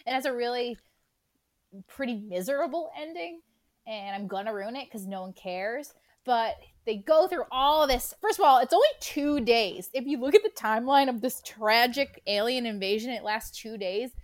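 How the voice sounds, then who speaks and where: Young woman ranting bout a movie, swears a lot, higher voice, super dry close mic. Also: normal speed, no room sound. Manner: animated, swears, acts out scenes. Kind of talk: casual chat, movie rant.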